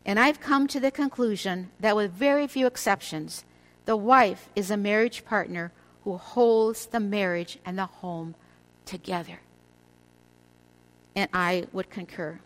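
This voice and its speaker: An older woman giving a devotional teaching to women, speaking in a measured, earnest way and slowing down for emphasis. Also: medium pitch, a bit bright, low-quality recording.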